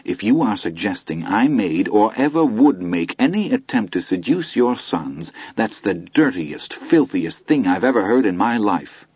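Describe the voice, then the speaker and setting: A man's voice: lowish voice, very animated, a little slow, few pauses, darkish tone, breathy edge, no echo, highs cut off, exaggerated voice. A man voicing a proud young woman, recently fired, who speaks in a precise and dignified way. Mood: indignant.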